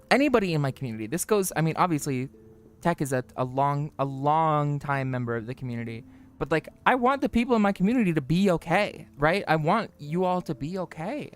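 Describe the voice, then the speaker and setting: In a relaxed livestream chat with viewers and friends, the streamer's pitch shoots high on greetings, and the talk stays jokey, profane and self-deprecating.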